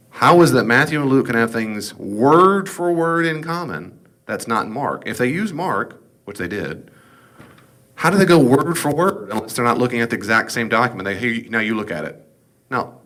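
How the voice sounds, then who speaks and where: A man's voice: medium pitch, fairly bright tone. A man giving a casual, folksy Bible class lecture, with jokes and asides. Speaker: Bible teacher.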